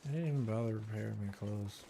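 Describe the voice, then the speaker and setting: A man's voice: fairly low pitch, quick pace, gravelly, background noise. A man streaming a game, chatting casually and thinking aloud as he plays. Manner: playful, thinks aloud while playing. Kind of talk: casual gameplay chat.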